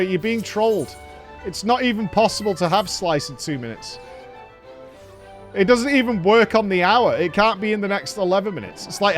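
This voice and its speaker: A man streams an online game and talks the whole time, cheering on his team, joking and cursing freely. His voice sits a little high and swings a lot in pitch. Faint game music plays under his chatter. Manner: lively, joking, swearing, cheering on teammates. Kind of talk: casual gaming stream chatter.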